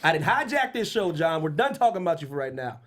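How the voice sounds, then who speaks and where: A man co-hosting a casual chat, telling stories fast and excitably with acted-out quotes. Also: on the high side. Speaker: co-host.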